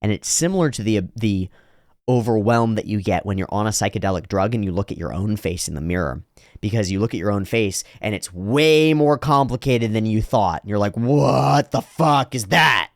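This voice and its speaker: Low-voiced man musing aloud. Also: darkish tone, no echo, studio quality. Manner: rambling, thinking aloud with restarts; drops into slow exaggerated voices for quoted lines. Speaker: anime reaction host. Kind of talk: reflective commentary.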